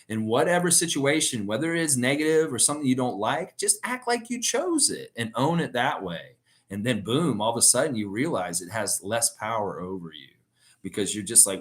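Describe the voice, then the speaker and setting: A middle-aged man hosts a casual live stream at an ordinary mid-level pitch. His voice swings widely as he tells stories animatedly, laughs often and reads out viewer comments. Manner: rambling, animated storytelling with frequent laughs.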